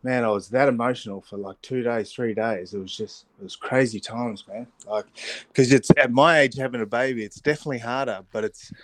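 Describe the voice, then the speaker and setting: A middle-aged man, a rugby pundit on a weekly radio spot, telling stories in an animated way, laughing often and restarting his sentences. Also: mid-range voice, brisk. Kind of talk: casual radio chat.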